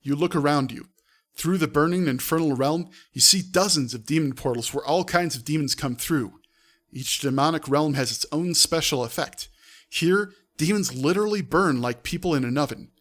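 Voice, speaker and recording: A man's voice: a little high, moderate pace, fairly bright tone. A man streaming live, reading out a text adventure and breaking off with offhand asides. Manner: reads aloud with offhand asides. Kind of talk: live-streamed game narration.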